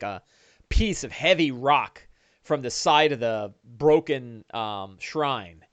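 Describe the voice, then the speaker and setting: A man narrating a one-on-one tabletop game as dungeon master, animated, with quick bursts and restarts. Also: mid-range voice, clean tone, dry recording, lo-fi sound.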